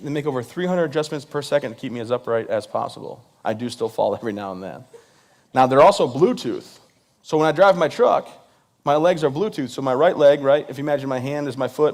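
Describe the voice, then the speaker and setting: Man, thirties, comic speaker, playful, acts out voices, medium pitch. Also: a little mellow. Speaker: event speaker. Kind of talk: comedic speech to a live audience.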